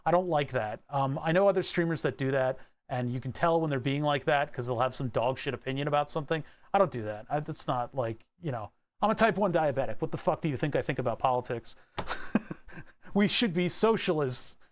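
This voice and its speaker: A man's voice: mid-range voice, a little fast. A man livestreaming, chatting casually while working on electronics, rambling with profane, laughing asides.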